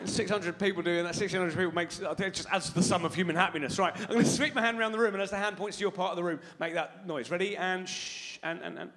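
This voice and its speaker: A man's voice: high-pitched, steady tone, fast, few pauses, a bit bright, slight background noise. A man doing live stand-up comedy on a big concert hall stage, sweary and playful, teasing the crowd.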